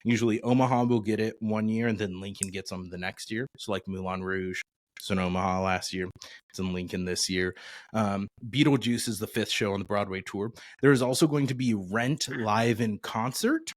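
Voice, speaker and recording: A man's voice: on the low side, fairly even intonation, moderate pace. A man from Nebraska co-hosting a podcast, chatting casually and upbeat with rambling asides. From Nebraska, USA. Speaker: podcast co-host. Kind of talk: casual chat.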